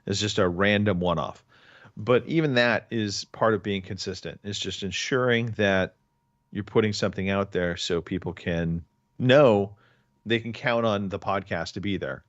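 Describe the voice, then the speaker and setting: A man's voice: fairly low pitch, normal speed, no room sound, muffled recording. A man hosting a casual podcast chat, talking in long rambling stretches with many restarts. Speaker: podcast host.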